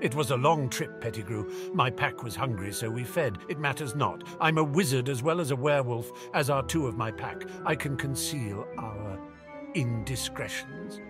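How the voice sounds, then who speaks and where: A man's voice: medium pitch, moderate pace, over music, lightly acted. A man voicing a proud, menacing male werewolf pack leader with a blunt, cold manner in a storybook reading.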